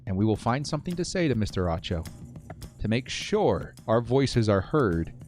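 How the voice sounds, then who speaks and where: Excitable man hosting a watch party. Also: fairly low pitch, moderate pace, soft background music. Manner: excitable, swings from loud cheering to quiet nervous muttering. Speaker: live stream host. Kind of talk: live watch-party commentary.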